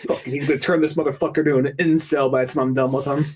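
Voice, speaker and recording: A man's voice: medium pitch, fairly even intonation, very fast, a little mellow. A man co-hosting a podcast, rambling through game memories in crude, profane banter. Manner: rambling, profane, trails off and restarts. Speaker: podcast co-host. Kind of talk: casual crude comedic chat.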